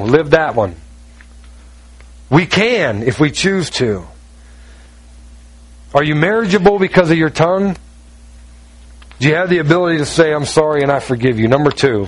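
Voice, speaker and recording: A man's voice: fairly high pitch, rough recording. A man preaching a sermon in an emphatic, conversational way, asking rhetorical questions and acting out the people he quotes. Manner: acts out quoted voices. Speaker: pastor.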